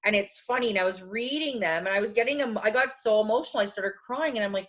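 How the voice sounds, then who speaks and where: A woman co-hosting a podcast, chatting casually and telling animated stories about her life. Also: medium pitch, fast, lo-fi sound. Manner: chatty, animated storytelling with acted quotes. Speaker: podcast co-host. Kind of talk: casual chat.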